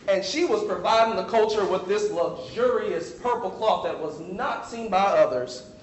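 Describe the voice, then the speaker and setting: A man's voice: sits high, a little hiss or hum. A man preaching a sermon in a church, calling on the congregation to repeat words and slipping into colloquial asides. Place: large church hall. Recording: echoey hall.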